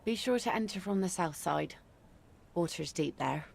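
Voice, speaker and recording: A woman's voice: on the low side, lively intonation, moderate pace, creaky. An actress voicing a weary, stern mother in a game, with dry, matter-of-fact warnings. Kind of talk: game voice acting.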